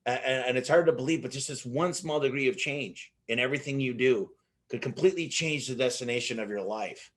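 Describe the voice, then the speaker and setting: Animated storytelling businessman. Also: mid-range voice, fairly quick. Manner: animated, acts out dialogue in anecdotes, frequent restarts. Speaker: business owner guest. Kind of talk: casual interview storytelling.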